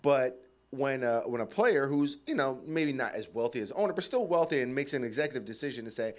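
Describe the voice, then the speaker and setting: A man's voice: mid-range voice, lively intonation, brisk. Laughing man chatting sports. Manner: laughs often, rambling with fillers. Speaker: radio show co-host. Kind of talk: casual sports talk.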